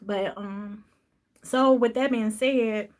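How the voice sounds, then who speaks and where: Soft-spoken woman recounting a loss. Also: fairly high pitch, steady tone, noisy background. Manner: soft, reflective, with frequent fillers and pauses. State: emotional, voice dropping low at times. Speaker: podcast host sharing a personal story. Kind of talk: personal storytelling.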